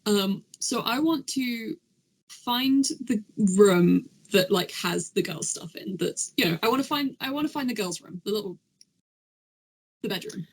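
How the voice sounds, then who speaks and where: A woman player in a podcast tabletop game, thinking aloud in a loose, casual way. Her voice is husky and breathy. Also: mid-range voice, lively intonation, measured pace. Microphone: podcast mic.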